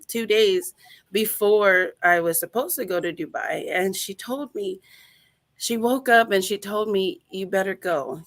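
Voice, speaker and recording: A woman's voice: lowish voice, fairly bright tone, dry recording. A woman in her thirties speaking earnestly and gratefully as a guest on a video call, her voice rising when she gets emotional. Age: 30s. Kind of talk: heartfelt personal talk on a video call.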